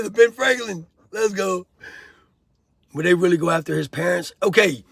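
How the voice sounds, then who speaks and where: A man's voice: high-pitched, normal speed, vocal fry, fairly bright tone, no echo, studio quality. A man hosting a casual commentary vlog, talking bluntly in streetwise slang and lecturing the viewer directly. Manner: blunt, streetwise, preachy, addresses viewer as bro and homie. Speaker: host of a prison-life commentary channel.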